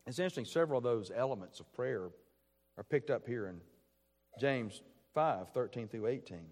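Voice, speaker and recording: A man's voice: medium pitch, animated, normal speed, a little mellow, faint music behind. A man preaching a sermon as pastor, earnest and emphatic, repeating his key phrases. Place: church sanctuary. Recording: long church reverb.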